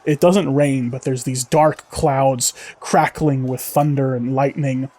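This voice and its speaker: A man's voice: mid-range voice, fairly even intonation, slow, dark tone. A man narrating as game master, describing scenes vividly with many fillers.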